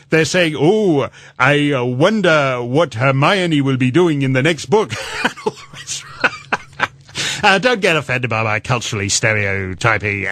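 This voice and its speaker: Lively animated man on talk radio. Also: a little high, no room sound. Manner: rambling and mocking, breaks into laughter, puts on silly voices for quotes. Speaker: guest radio host. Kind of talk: comedic political commentary on talk radio.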